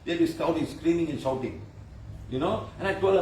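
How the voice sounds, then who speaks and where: A man's voice: on the high side, a little fast, darkish tone. A man, a spiritual healer talking informally to a live audience, telling stories animatedly, acting out quotes and asking rhetorical questions. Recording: echoey room, far from the mic, faint background hum.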